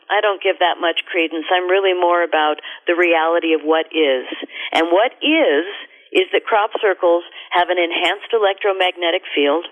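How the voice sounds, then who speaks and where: A middle-aged woman, a radio guest, telling a story in an animated, expressive way. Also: fairly low pitch. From America. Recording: tinny phone line.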